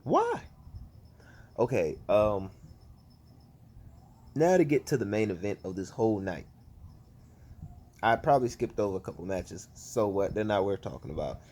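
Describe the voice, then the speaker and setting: A man giving a casual, ranting review as a vlogger, animated and profane, full of exasperated outbursts. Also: fairly low pitch, moderate pace, long pauses. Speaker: wrestling fan vlogger.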